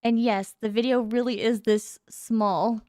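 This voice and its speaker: A woman hosting a stream in casual chat, bubbly and animated, reacting to her chat in a playful way. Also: fairly high pitch, a little slow, dry recording, studio quality. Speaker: VTuber streamer, host.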